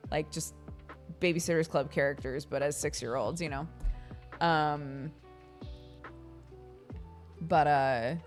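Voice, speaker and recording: A woman's voice: low voice, steady tone, slow pace, pauses often, soft background music. An American woman in her thirties, a streamer chatting casually and telling stories with lots of laughter, acting out the voices of people she quotes. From United States. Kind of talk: casual chat.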